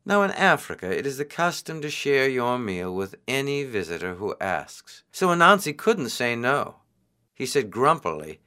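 A man reading a children's folk tale aloud in an expressive, unhurried way. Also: medium pitch, clean tone. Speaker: storyteller.

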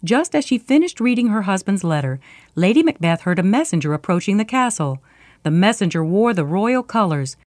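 A woman narrating a storybook in a clear, steady reading voice. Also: medium pitch, brisk, no room sound.

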